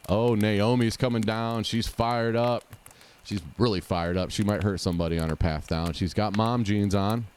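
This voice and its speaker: A man's voice: on the low side, darkish tone, slight background noise. A man giving sarcastic, mocking play-by-play of a game show rerun, talking back at the screen. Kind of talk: casual sarcastic play-by-play commentary.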